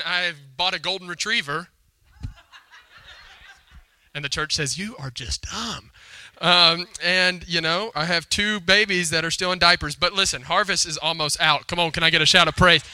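A man preaching a lively sermon, calling out to the congregation for responses. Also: a little high, clean tone, no room sound. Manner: energetic, call-and-response with congregation. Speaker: pastor.

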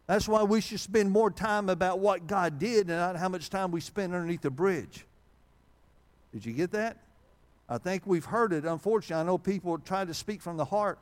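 A male pastor preaches with humor in a conversational style, frequently reading old-fashioned scripture wording aloud. His voice is high-pitched at a moderate pace, with frequent fillers and restarts.

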